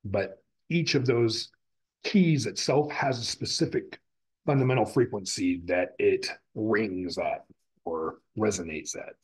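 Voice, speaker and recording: In a rough recording, a man with a lowish, slightly rough voice lectures on the physics of sound at a measured pace. This recorded classroom talk proceeds step by step, and he keeps repeating and rephrasing his terms as he explains.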